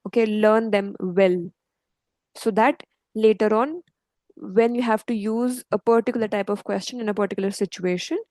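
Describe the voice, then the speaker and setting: A woman teaching French grammar to beginners, explaining slowly and patiently and checking in often with "okay" and "yes". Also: medium pitch, steady tone, a little mellow, no echo, low-quality recording.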